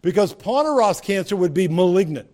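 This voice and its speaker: Man, pastor, sermon, high voice, conversational, rhetorical questions, emphatic peaks. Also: animated, a little fast, darkish tone.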